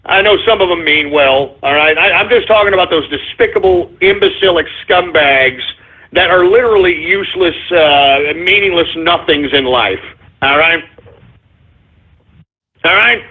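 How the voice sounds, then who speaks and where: A man ranting on a call-in radio show, his higher-pitched, husky voice squashed into a thin phone-line band. He talks emphatically and circles back to the same point again and again. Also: normal speed. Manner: ranting, emphatic, repeats "all right?".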